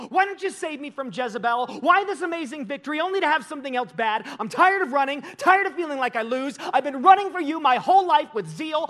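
A man's voice: very high-pitched, a bit bright, pitched above the performer's own voice. A preacher acting out a weary, desperate male prophet who pours out raw, pleading complaints to God.

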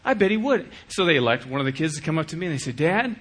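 A middle-aged man preaching a sermon as pastor, acting out little dialogues in an animated way. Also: a little high, racing, husky. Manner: animated, acts out dialogues with shifting voice.

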